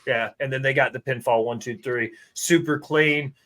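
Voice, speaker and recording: A man co-hosting a wrestling podcast, talking in an animated, joking way with some swearing. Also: mid-range voice, normal speed. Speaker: podcast co-host. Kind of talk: casual chat.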